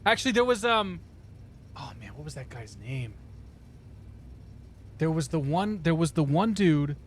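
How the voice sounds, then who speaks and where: A man's voice: on the high side, expressive, slow pace, slight background noise. A man chatting casually on a live stream, laughing often and talking through his cockpit steps. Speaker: flight sim streamer.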